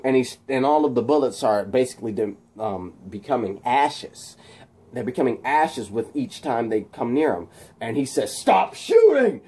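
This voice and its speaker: A man casually retelling a movie plot, rambling excitedly with many restarts. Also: medium pitch, normal speed, slightly rough. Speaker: channel host.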